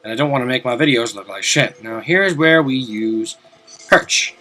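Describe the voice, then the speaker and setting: A young man giving casual, rambling commentary over a video game from his desk at home, swearing now and then and breaking into loud outbursts. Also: medium pitch, normal speed. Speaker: let's play commentator.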